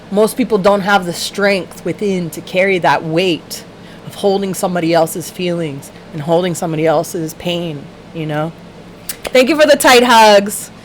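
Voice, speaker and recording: Casting: young woman, livestream host, a bit high-pitched, fired-up, swears freely, faint hiss. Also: a bit bright, low-quality recording. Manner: passionate, heavy swearing, laughs often. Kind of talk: casual livestream chat.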